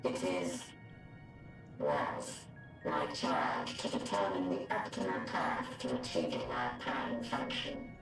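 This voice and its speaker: An actor playing a calm, detached male android in a game cutscene, speaking in a formal, measured way with a processed robotic timbre. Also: mid-range voice, gravelly, heavily acted. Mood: calm recounting. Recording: echoey, distant robot voice under loud music.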